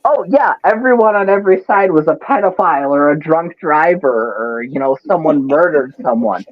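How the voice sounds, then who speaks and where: A man's voice: a little high, lively intonation, moderate pace, muffled recording. A man from Wisconsin with a Wisconsin accent, ranting in casual, profane chat.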